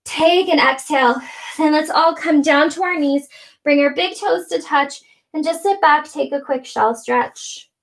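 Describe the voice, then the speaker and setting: A young woman with a high, light voice guides a live yoga flow, calling out breaths and poses. She is playful and chatty with her asides, and a little out of breath from moving along with the class. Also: measured pace. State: slightly out of breath while moving. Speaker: yoga teacher.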